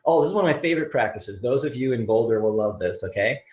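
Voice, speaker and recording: A man teaching qigong in an animated, playful way, often laughing as he demonstrates. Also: medium pitch, racing, hardly any pauses. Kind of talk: motivational teaching talk. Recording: roomy, dull-sounding recording.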